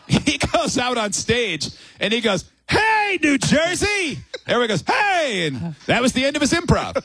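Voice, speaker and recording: A man co-hosting a radio show tells a story with lots of energy. His voice is high and husky, and it moves up and down a lot. He acts out the quotes in the story. The sound is dry and close to the mic. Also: very animated, fairly quick, sharp tone, dry recording. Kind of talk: morning radio banter, storytelling. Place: radio studio on location at a bar.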